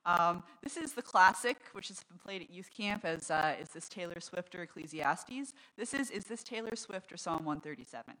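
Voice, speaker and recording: A woman pastor giving a casual sermon to her congregation, running a light quiz game and reading short quotes aloud slowly. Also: fairly low pitch, expressive, low-quality recording. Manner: conversational, reads quotes aloud slowly and brightly. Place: church service.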